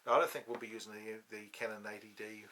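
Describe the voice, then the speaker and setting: A man's voice: on the low side, level tone, fast, pushed and bright. A man hosting a casual studio chat, rambling with many restarts and ums, on a studio microphone. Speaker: host. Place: podcast studio.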